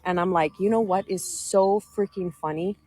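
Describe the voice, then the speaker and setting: A woman's voice: on the low side, steady tone, moderate pace, warm tone, no room sound. A woman telling her personal story to an audience in a rambling, aggrieved way, quoting others as she goes. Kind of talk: casual storytelling to a live audience.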